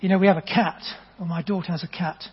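A man preaching a sermon in an earnest, conversational storytelling manner, with gentle asides to the congregation. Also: high-pitched, fairly even intonation, fast, breathy edge. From England. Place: church hall. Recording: dull, long reverb in a church hall.

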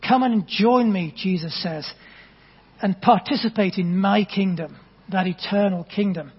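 A man preaching a sermon in an earnest, conversational storytelling manner, with gentle asides to the congregation. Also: high voice, a little slow, breathy edge. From England. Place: church hall. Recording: dull, long reverb in a church hall.

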